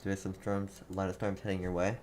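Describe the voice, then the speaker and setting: A young man hosting live storm coverage, reading out town after town and answering chat, halting and repeating himself. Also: sits low, flat delivery, darkish tone, slight background noise. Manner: rapid town-by-town updates, halting and repetitive. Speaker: livestream weather host.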